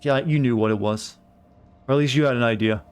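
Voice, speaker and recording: An American man, a game streamer, talking casually with his chat as he plays. He keeps a dry, joking tone at an ordinary middle pitch. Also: fairly quick, smooth. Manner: wry, chatty, talks to chat. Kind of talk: casual live game commentary.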